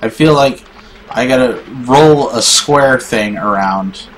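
A young man playing a video game and commenting as he goes, swearing a lot and swinging from low muttering to shouting in frustration. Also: slow, a little hiss or hum. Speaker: gaming YouTuber. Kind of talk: raging gameplay commentary.

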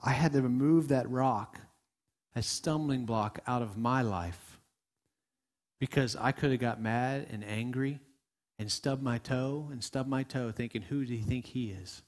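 A man's voice: mid-range voice, a little slow. A middle-aged man preaching a sermon to his congregation in a conversational way, repeating words, restarting sentences and asking the listeners questions. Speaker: pastor. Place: church sanctuary before a congregation.

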